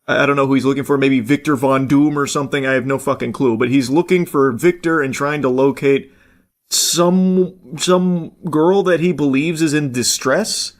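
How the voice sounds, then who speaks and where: A man's voice: mid-range voice, normal speed. A man hosting a casual reaction commentary, rambling along with jokey asides and casual swearing. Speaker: host.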